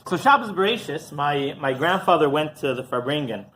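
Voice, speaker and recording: A rabbi gives an informal talk full of stories, constantly tossing in "right?" and "you know" and acting out the characters with big leaps in pitch. His voice is expressive and fairly bright, at a moderate pace, with slight background noise.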